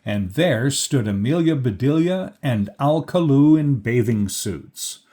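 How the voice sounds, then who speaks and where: A man reading a children's picture book aloud, slow and lively, lifting his pitch for the characters' lines. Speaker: storybook reader.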